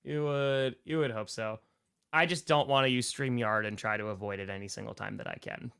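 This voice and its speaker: A man's voice: mid-range voice, steady tone, brisk, creaky, pushed and bright, smooth. An upbeat man co-hosting a casual sports podcast, bantering and joking. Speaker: podcast co-host.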